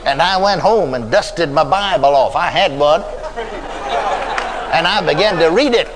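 Older preacher in a reverberant hall. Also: male voice, on the high side, crowd noise, noisy background. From Texas. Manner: folksy storytelling with drawn-out emphasis. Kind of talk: sermon.

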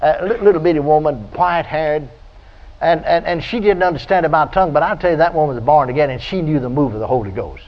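Older preacher, folksy storytelling. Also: male voice, fast. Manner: storytelling, bursts into high shouted praise. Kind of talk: folksy radio sermon. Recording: dull lo-fi archive radio recording.

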